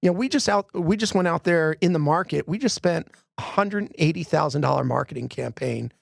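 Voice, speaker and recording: A middle-aged man from the Philadelphia area with a heavily gravelly, fairly high voice, chatting in an interview and telling anecdotes with lots of "you know" fillers. He is recorded up close, dry and without room sound. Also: animated, brisk, dry recording. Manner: chatty, many "you know" fillers, acts out quoted dialogue. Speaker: arena president and general manager. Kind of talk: casual interview storytelling.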